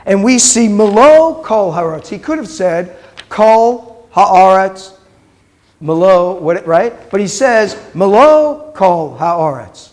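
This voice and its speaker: A middle-aged rabbi runs a Hebrew class, patiently repeating words and quizzing his students along the way. He speaks slowly and expressively in a high-pitched, darkish voice.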